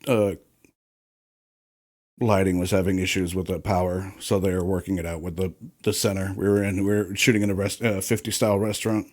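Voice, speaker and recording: Man, ex-film crew, slightly low voice, casual profane raconteur. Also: little pitch movement, fairly quick, darkish tone. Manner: swearing, rambling storyteller. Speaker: former film crew worker. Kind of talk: casual podcast chat.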